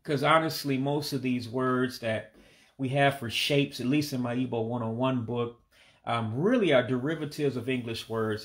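An American man in his forties, a language learner, teaches vocabulary in a casual spoken lesson. His medium-pitched delivery is relaxed and hesitant, packed with fillers, and he repeats words slowly so listeners can practice.

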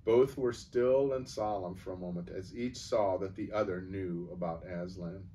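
A man reading a children's book aloud as a storyteller, in a calm, measured way. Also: low-pitched. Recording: voice from a distance.

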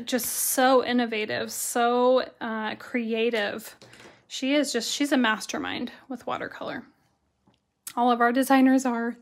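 Hoarse lady doing a chatty live watercolor lesson, high voice, takes her time. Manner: chatty, greets viewers by name. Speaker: watercolor instructor. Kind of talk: live-stream craft tutorial.

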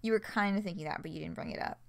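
A woman streaming a game, reading and reacting in an excitable way, swearing and laughing often. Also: medium pitch, racing, creaky. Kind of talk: gameplay commentary.

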